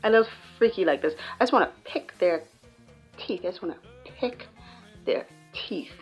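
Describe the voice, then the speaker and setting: Bahamian woman vlogging about slang, kinda low voice, jokey and animated. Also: normal speed, highs cut off, soft background music. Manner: playful, joking, animated storytelling. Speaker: YouTuber. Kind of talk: casual explainer vlog.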